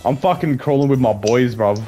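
A young man hosting a gaming session, loud and excitable, hyping his teammates with slang and swearing. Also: mid-range voice, brisk. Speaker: gaming channel host. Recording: voice with game music behind.

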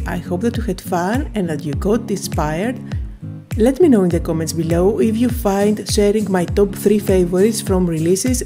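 A woman hosting a card-making tutorial, calmly explaining each step in a voice-over. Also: mid-range voice. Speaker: card-making video host.

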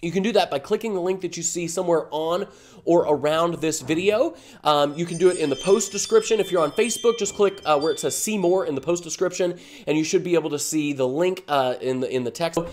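A man's voice: a little high, a little fast, darkish tone. A man giving a fired-up, emphatic motivational talk to camera as an online business coach, full of rhetorical questions.

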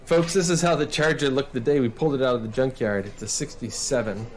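A man's voice: medium pitch, fast, crowd noise. A man hosting a scripted comedy sketch about model cars, talking in a theatrical, preachy big-brother manner. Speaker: host.

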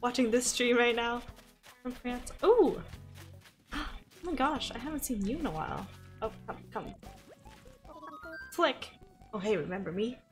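A woman's voice: a little high, animated, normal speed, pauses often, soft background music. A young woman with an American accent chatting casually on a live game stream, thinking aloud with frequent gasps and laughs, into a desk microphone. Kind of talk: casual live-stream chat while gaming.

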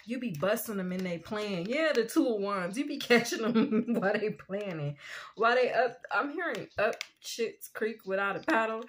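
A woman giving a casual spiritual tarot reading, chatty and quick to laugh, often asking "you know what I'm saying". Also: mid-range voice, animated, slight background noise. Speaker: tarot reader.

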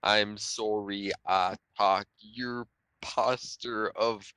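A young man reading a story aloud to friends, unhurried and often breaking into laughter at the text, on a home microphone. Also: fairly low pitch, steady tone, bright, forceful tone, a little hiss or hum. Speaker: reader.

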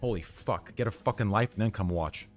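Brief: male streamer in his thirties, lowish voice, swears constantly and rants hard, faint music underneath. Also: fairly quick. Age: 30s. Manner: profane, combative ranting. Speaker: livestreamer. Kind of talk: heated livestream rant.

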